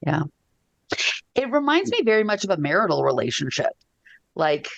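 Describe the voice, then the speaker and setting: A woman's voice: mid-range voice, normal speed, pauses often, no room sound, highs cut off. A woman co-hosting a casual podcast chat, retelling scenes and acting out quotes. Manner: lively, gravelly, acts out quotes. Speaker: podcast co-host.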